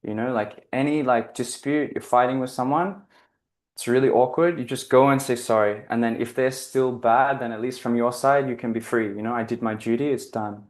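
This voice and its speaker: A man at an ordinary mid pitch talks through a personal anecdote that he turns into a spiritual lesson. He rambles earnestly, corrects himself often and fills his sentences with "like". The delivery is loose and conversational, not scripted. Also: fairly even intonation, normal speed. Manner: earnest, rambling, self-correcting, heavy use of "like". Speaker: guest speaker on spiritual living. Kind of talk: casual reflective storytelling talk.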